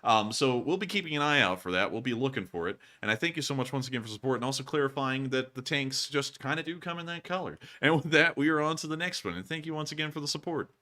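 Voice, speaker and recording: A man's voice: medium pitch, animated, quick pace, few pauses, pushed and bright. A man hosting a casual livestream, thanking donors in a rambling, chatty way and laughing often. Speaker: livestream host. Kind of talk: casual livestream chat reading donations.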